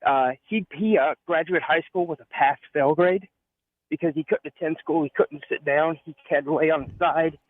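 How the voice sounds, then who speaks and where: A male caller phoning into a radio show, out of breath, talking haltingly with many fillers. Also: fairly high pitch, fairly even intonation. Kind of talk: phone-in call. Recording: tinny phone line.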